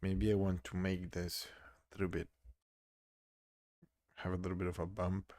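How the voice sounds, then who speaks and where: A man live-streaming while he works on a 3D model, exasperated, swearing and talking back to the software. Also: deep voice, completely flat delivery, normal speed, no echo, studio quality.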